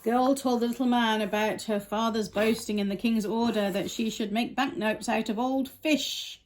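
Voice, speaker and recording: A woman's voice: on the high side, steady tone, moderate pace, poor audio. A woman reading a children's picture book aloud with wry, teasing asides. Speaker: storybook reader.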